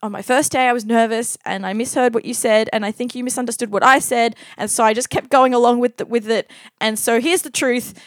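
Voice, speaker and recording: A woman with a slightly high voice speaks a little fast in clean studio sound with no echo. She tells an awkward personal story casually and animatedly, laughing and performing the dialogue.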